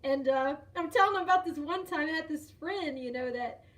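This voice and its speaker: Woman, high voice, live stream host, casual chat, laughs a lot, greets chatters. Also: fairly quick. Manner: animated, laughs often, greets chatters by name.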